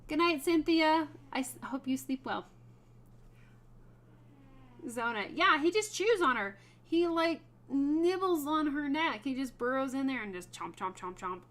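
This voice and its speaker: A woman's voice: high-pitched, lively intonation, unhurried, a bit bright. A woman hosting a wood burning livestream, chatting casually with viewers by name and laughing often while she works.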